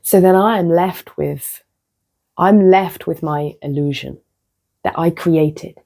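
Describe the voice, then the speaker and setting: A woman's voice: lowish voice, slow pace. A woman talking to camera in a casual, reflective monologue, telling stories frankly, poking fun at herself and sometimes dropping to a near-whisper. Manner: candid, self-mocking storytelling with soft drops into near-whispers. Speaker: vlogger.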